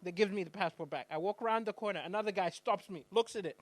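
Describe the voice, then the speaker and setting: A man from Malawi performing a stand-up comedy set in a club, telling stories animatedly and acting out shouting characters. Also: high voice, big pitch swings, fast talker, hardly any pauses, no room sound.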